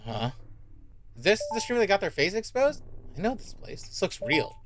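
This man's voice sits a touch high for a guy. He gives loose, casual horror game commentary, reacting jumpily, swearing freely and repeating his worries aloud. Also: big pitch swings, moderate pace, over music. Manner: jumpy, reactive and profane, with repeated worried remarks. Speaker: streamer.

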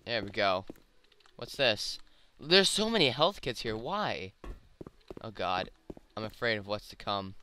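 A man's voice: lowish voice, very animated, unhurried, sharp tone, a little hiss or hum. A man giving casual let's-play commentary, chatting through his own moves and getting easily alarmed. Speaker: gameplay commentator. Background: game music and gunfire.

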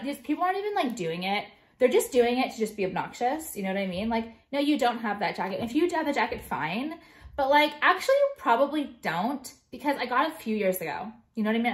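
Profane ranting woman with a high voice. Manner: profane, combative, heavy filler "like". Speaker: jewelry brand owner and vlogger. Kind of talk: profane venting rant to viewers.

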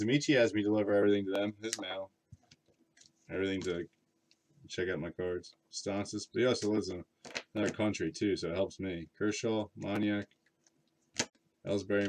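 A man's voice: lowish voice, slight background noise. A man hosting a card break live stream, chatting casually with viewers and reading out card names between rambling remarks. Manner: chatty, rambling, reads card names aloud while talking to chat.

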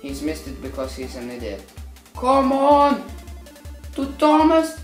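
Brief: woman gamer, foul-mouthed, lively pitch jumps, slow delivery, roomy echo, faint music behind. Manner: swears a lot, swings from mutters to excited shouting. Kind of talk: let's-play commentary. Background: faint background music.

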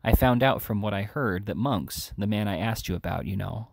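A man's voice: lowish voice, moderate pace, vocal fry, dry recording, clean studio sound. A man voicing a desperate, ashamed young woman thief, pleading and urgent.

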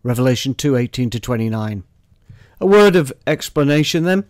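A man reading scripture and his own poem in a measured, dramatic way, with a few plain spoken notes in between. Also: mid-range voice, lively intonation, dry recording, clean studio sound. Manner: measured, dramatic recitation with dropped, hushed asides. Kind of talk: poetry and scripture reading with commentary.

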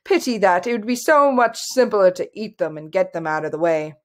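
A woman's voice: mid-range voice, animated, a little fast, lightly acted. A woman voicing a casually hungry dragon who speaks offhandedly. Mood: offhand.

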